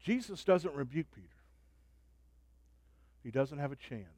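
A man preaching a sermon, swinging from soft, low asides to loud, rising proclamations. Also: very animated, a little slow, no echo.

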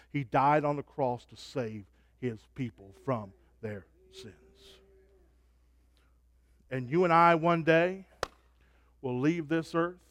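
A man preaching a sermon, swinging from soft, low asides to loud, rising proclamations. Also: dry recording.

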